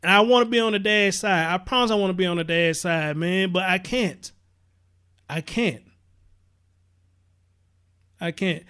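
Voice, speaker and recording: Passionate high-voiced man. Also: unhurried, long pauses, sharp tone, clean tone. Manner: passionate, profane, repetitive. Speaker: commentary show host. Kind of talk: live-stream commentary, reading viewer comments.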